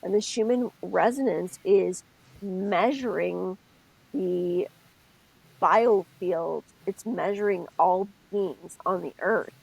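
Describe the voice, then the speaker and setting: A woman with a husky, breathy voice talks through spiritual ideas in a relaxed podcast chat. She is expressive and thinks out loud, often breaking off to start her sentence again. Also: fairly low pitch, slow pace, poor audio. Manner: expressive, thinks aloud, self-interrupting. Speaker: podcast co-host.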